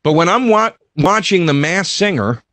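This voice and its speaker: A man's voice: high voice, expressive, moderate pace, fairly bright tone, no echo. A man co-hosting a comedy talk show, ranting emphatically with plenty of swearing. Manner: emphatic, profane rant. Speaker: podcast co-host. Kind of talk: casual chat.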